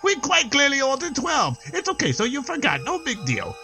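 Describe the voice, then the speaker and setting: A man's voice: extremely high pitch, huge pitch swings, moderate pace, vocal fry, sharp tone, soft background music, pitched above the performer's own voice, heavily acted. A man doing a smug, oily trader. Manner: oily, patronizing, sing-song. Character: smug shifty male trader, condescending.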